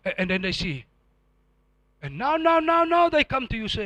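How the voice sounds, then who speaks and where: A man preaching a sermon as pastor, animated and firing rhetorical questions at the congregation. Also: very high voice, moderate pace, pauses often, no room sound, muffled recording.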